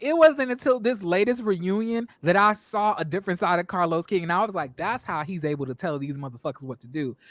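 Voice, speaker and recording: A young man hosting a casual reality TV review show, animated and profane, laughing often and putting on voices when he quotes people. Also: high-pitched, no room sound, clean studio sound. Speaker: show host.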